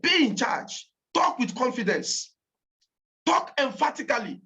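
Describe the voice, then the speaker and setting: A woman's voice: fairly high pitch, sing-song, unhurried, bright, forceful tone. A woman with a Nigerian accent giving a motivational training talk to campaign callers, emphatic and repeating her points for stress. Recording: dull lo-fi recording.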